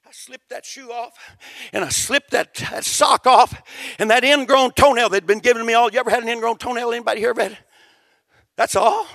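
High-pitched gravelly male preacher. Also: fairly even intonation, a little fast, dry recording. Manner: folksy storytelling that builds to shouting. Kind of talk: sermon testimony.

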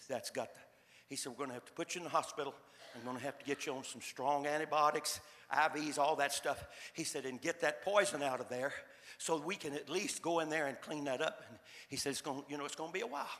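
Older preacher man, high gravelly voice, folksy storytelling, lots of restarts, echoey church hall. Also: a bit bright. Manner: folksy, repetitive, stammering restarts. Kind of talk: sermon testimony storytelling.

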